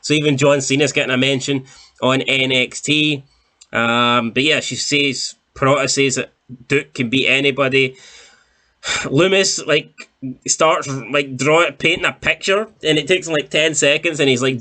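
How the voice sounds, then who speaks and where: A man talks through a wrestling episode in a loose, rambling way, piling up fillers and false starts. His pitch sits in the middle for a man, and he drops in casual swearing as he goes. It sounds like an unscripted solo review. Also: pushed and bright. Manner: rambling, many fillers and restarts. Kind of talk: casual recap monologue.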